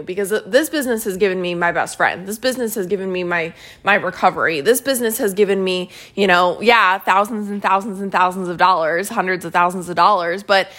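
A woman hosting a motivational podcast, talking energetically and often tagging her points with "right?". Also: medium pitch. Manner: energetic, repeats phrases, says y'all and right. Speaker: podcast host and team leader. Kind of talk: motivational solo podcast talk.

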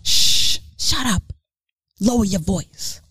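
A podcast host acting out a rich teen girl who fakes a tough image, speaking in urgent, hushed whispers. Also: medium pitch, expressive, moderate pace, slightly rough, no echo. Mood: shocked, shushing.

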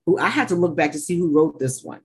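Husky, blunt New woman. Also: deep voice, animated, fast. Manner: blunt, opinionated, swears freely. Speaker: podcast co-host. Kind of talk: casual TV recap chat.

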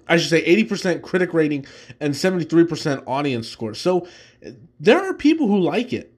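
A man's voice: a little high, sing-song, fairly quick. Rambling man hosting a movie chat. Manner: rambling, many fillers and restarts, laughs easily. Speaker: host. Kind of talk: casual solo chat ranking movies.

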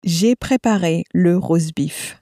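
A woman giving model pronunciations in a language lesson, saying each phrase slowly and clearly, often twice. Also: fairly low pitch, mellow, no room sound, clean studio sound. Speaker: native speaker model voice in a lesson. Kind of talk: slow, careful model pronunciation.

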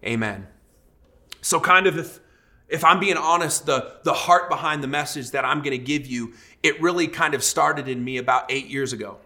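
A man in his thirties, a pastor, preaching a sermon and telling a personal story in a lively storytelling way. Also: a little high, moderate pace. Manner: storytelling, animated, acts out quoted voices.

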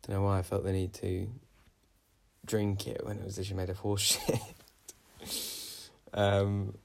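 A man's voice: fairly low pitch, monotone, moderate pace, vocal fry. A young man co-hosting a podcast, rambling through a dream story with lots of "um"s. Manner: rambling storytelling with many "um"s and "I was like". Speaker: podcast co-host. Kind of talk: casual chat, recounting a dream.

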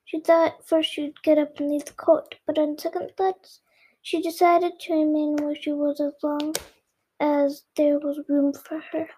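A child reading a storybook aloud, slow and careful, stumbling and repeating words now and then. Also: high-pitched, monotone, mellow, low-quality recording. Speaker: reader.

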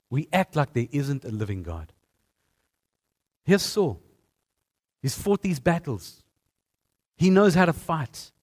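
A man preaching a sermon as pastor, emphatic and repeating phrases for effect. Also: fairly high pitch.

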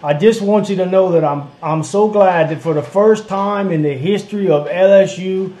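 A man's voice: high voice, normal speed, dark tone, echoey room, natural voice. A man imitating a Cajun man who calls in to a radio show, drawling and boastful. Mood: proud.

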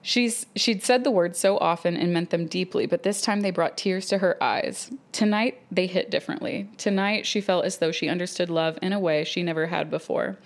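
Young woman, podcast co-host, low-pitched with a gravelly edge, reading romance passages aloud steadily. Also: normal speed, hardly any pauses.

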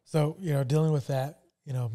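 A man co-hosting a podcast, telling a painful family story in a somber, halting way with many fillers. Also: fairly high pitch, fairly even intonation, mellow. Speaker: podcast co-host. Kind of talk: casual personal testimony.

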